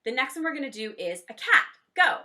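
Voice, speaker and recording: A woman teaching kids drama online in a fairly high, bright voice. She cues each exercise cheerfully and shows how a character's voice can go high, low or silly. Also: very animated, fairly quick. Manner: encouraging, cueing exercises with "ready, set, go". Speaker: children's theater teacher.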